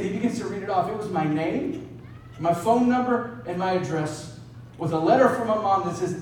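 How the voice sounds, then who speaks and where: A man's voice: extremely high pitch, animated, moderate pace, darkish tone, a little hiss or hum. A young adult male pastor preaching a sermon, telling a story in a conversational way and often asking "right?". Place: church hall. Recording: echoey hall, mic at a distance.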